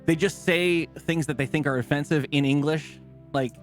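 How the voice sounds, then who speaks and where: A man's voice: fairly high pitch, fairly even intonation, moderate pace. A man hosting a livestream, chatting casually and profanely in a rambling way over gameplay. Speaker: streamer host. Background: game music.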